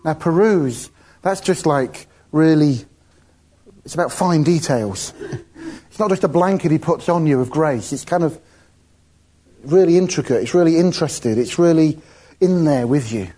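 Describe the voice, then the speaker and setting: A man's voice: fairly high pitch, normal speed, warm tone. A man giving an informal, chatty sermon, often laughing between his points. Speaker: preacher.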